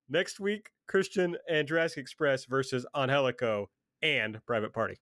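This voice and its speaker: A man's voice: a little high, brisk, fairly bright tone, dry recording, studio quality. Fired-up, profane male podcast host. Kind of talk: casual wrestling recap chat.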